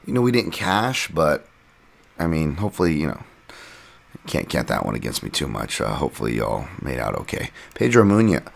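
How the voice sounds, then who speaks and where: Very deep gravelly male podcaster. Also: moderate pace. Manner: rambling and self-deprecating, lots of fillers. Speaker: podcast host and fight analyst. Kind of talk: casual solo podcast recap.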